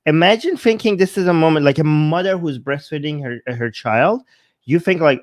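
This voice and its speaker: Man commentator, pitched a bit high, stop-start delivery, translates as he goes, close dry recording. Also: expressive, no room sound. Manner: halting, with frequent restarts and repeated words. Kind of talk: casual commentary over a video.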